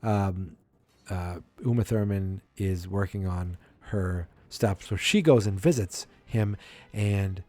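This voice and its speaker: A man's voice: low voice, slow pace, a little mellow, no room sound. A man hosting a podcast, casually recapping a movie in a rambling way and acting out lines in silly voices. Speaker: podcast host. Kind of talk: casual movie review chat.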